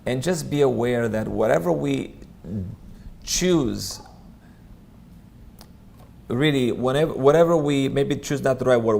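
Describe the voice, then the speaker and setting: Earnest and conversational, this man teaches a church Bible study and keeps starting his thoughts over. His voice sits at medium pitch with noticeable vocal fry.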